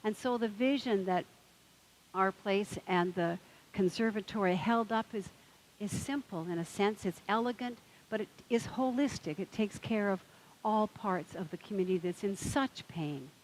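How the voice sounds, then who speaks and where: A woman's voice: mid-range voice, normal speed, a little hiss or hum, low-quality recording. Woman preaching a conversational sermon. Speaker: minister.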